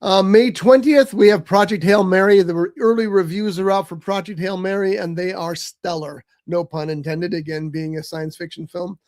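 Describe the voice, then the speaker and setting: High-voiced chatty man on a stream. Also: fairly even intonation, normal speed, hardly any pauses, a little mellow. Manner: chatty, exasperated teasing. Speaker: co-host. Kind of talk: casual movie chat. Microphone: streaming mic.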